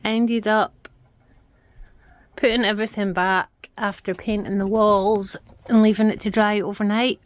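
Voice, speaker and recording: A woman's voice: mid-range voice, level tone, a little slow, no echo. A Scottish woman talks through her home redecorating in a chatty, frank, self-deprecating way. Her voice sits in an ordinary middle range and sounds close and dry, with almost no room around it. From Scotland. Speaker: vlogger. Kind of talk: casual vlog chat while working. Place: small house, indoors, redecorating.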